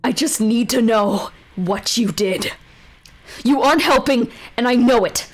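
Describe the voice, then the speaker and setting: A woman voicing a haunted woman adventurer who swears and shouts in desperation. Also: fairly high pitch, animated, unhurried, faint music behind. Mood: furious.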